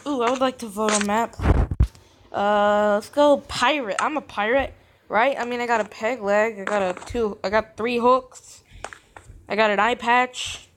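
A woman's voice: fairly high pitch, unhurried. A woman hosting a gaming video, rambling in character with giggly, self-mocking commentary as she plays. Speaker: gaming channel host. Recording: steady background noise.

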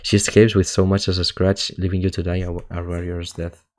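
A young man with a very low, deep voice reads game text aloud in a loose, casual way. He trips over words, backs up to fix them, and breaks off to laugh or curse under his breath. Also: little pitch movement, brisk. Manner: stumbles and restarts while reading, laughs and swears often. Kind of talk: casual gameplay commentary, reading text aloud.

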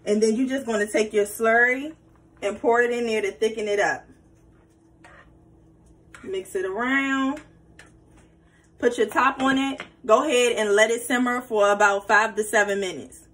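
A woman's voice: a little high, fairly even intonation, moderate pace, pauses often, a bit bright, poor audio. A woman hosting a casual cooking tutorial, chatty and playful, talking straight to her viewers. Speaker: cooking vlogger.

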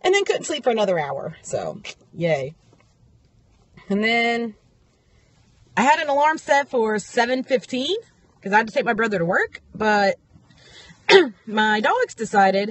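A woman's voice: animated, measured pace, long pauses, dry recording. A young woman in casual vlog chat, telling her day in a chatty, upbeat way. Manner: chatty and upbeat, high baby talk to her dog. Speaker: vlogger.

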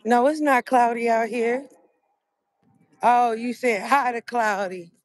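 A woman vlogger chatting casually with her viewers outdoors, explaining things slowly step by step and calling them y'all. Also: fairly high pitch, steady tone. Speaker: mukbang vlogger.

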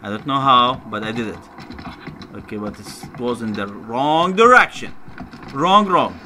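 A man's voice: mid-range voice, lively intonation, normal speed, pushed and bright, a little hiss or hum. A man commentating a video game playthrough, given to frustrated outbursts and swearing. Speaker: gamer. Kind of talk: let's play commentary.

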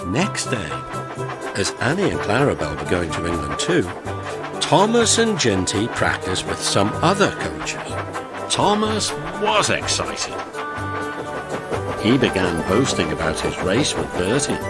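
A man narrating a children's train story in an expressive storybook style. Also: lowish voice, unhurried. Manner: expressive, reads all the characters. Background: background music.

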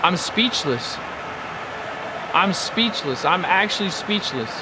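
A young man chatting excitedly over his own football video game, talking to the players on screen as he plays. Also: sits high, slow, very noisy. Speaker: gaming video creator. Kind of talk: live gameplay commentary.

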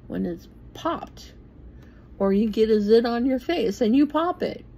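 A woman's voice: mid-range voice, a little mellow, a little hiss or hum, poor audio. A woman in her sixties giving an informal, plainspoken Bible talk, blunt and with the odd swear word. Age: 60s. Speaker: bible teacher.

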